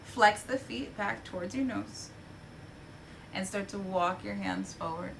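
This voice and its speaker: A woman's voice: mid-range voice, unhurried, creaky, a little hiss or hum, rough recording. Young woman cueing a yoga class. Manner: warm encouraging cues, chatty asides. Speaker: yoga instructor. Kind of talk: guided yoga class cues. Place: home practice space.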